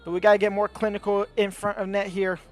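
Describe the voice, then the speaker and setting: A young man giving excitable play-by-play commentary over his own football video game, rising to shouts at goals. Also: high voice, quick pace, faint music behind. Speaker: gaming YouTuber.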